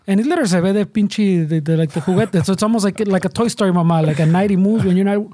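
A man's voice: sits high, very fast, dark tone, no echo. A man and parent, telling a story in a rambling, profane, casual way with lots of Spanish slang mixed in. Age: adult parent. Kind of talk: casual chat.

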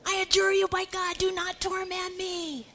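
Demon horde, pleading and desperate, high and strained, sometimes whispered; a woman puts it on during a Bible lecture. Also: completely flat delivery, moderate pace, sharp tone.

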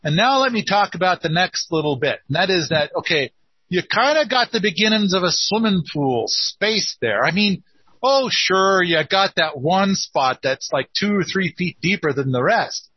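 A man's voice: high voice, lively intonation, normal speed, husky, no room sound, highs cut off. A man hosting a casual call-in chat, speaking in a playful, teasing way. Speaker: host.

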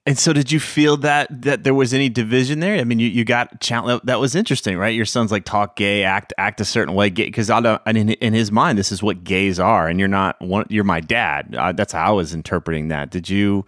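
Low-voiced man hosting an interview, dry sound. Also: brisk, hardly any pauses, fairly bright tone, no room sound. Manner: reflective, probing questioner. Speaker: podcast host. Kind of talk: casual interview.

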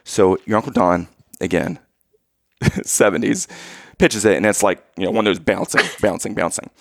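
Man, casual storyteller, animated, low and gravelly, dry close sound. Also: normal speed, no room sound. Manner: animated, keeps checking in with "okay?" and "right?"; acts out quoted lines in raised voice.

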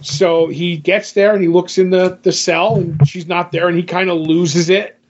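A man's voice: high-pitched, flat delivery, moderate pace, dull audio. A man co-hosting a podcast, recapping a comic in casual chat, rambling with lots of fillers and restarts. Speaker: podcast co-host.

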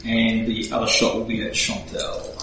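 Man as game master, relaxed and unhurried, distant and noisy recording. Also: lowish voice, creaky. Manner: relaxed, hesitant, explaining rules. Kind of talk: running a tabletop game. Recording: distant mic in echoey room with background noise.

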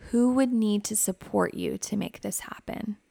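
A woman who hosts a psychotherapy podcast, guiding listeners through reflective questions in a gentle, advising way. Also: medium pitch, moderate pace, gravelly, dry recording. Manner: reflective, asks many questions.

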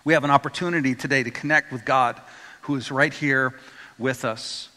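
A man preaching a sermon as a pastor, retelling stories in a lively way and getting the congregation to say words back to him. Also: mid-range voice, moderate pace. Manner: storytelling, acts out quoted voices, asks congregation to repeat words. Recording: long hall reverb.

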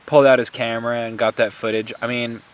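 A man co-hosting a podcast in relaxed casual chat, joking around and often trailing off into laughter. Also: medium pitch, fast.

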